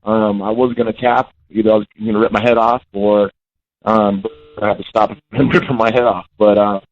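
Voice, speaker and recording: This time his lowish voice holds a level tone at a moderate pace, with no echo. The guest fighter in his forties talks bluntly and intensely over the phone, repeating himself through dull, lo-fi call-in audio.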